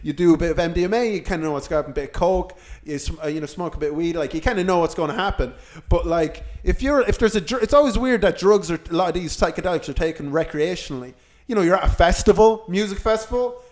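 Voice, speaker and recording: A man's voice: sits high, quick pace. A man hosting a podcast, telling a story in casual chat. He swears freely and acts out the quotes. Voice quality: swears freely, tells anecdotes with acted-out quotes. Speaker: podcast host.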